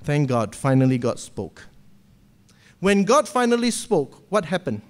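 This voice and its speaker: A man preaching a sermon from a church pulpit, retelling a story in a lively way and often checking in with "okay?". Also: fairly high pitch, a little slow.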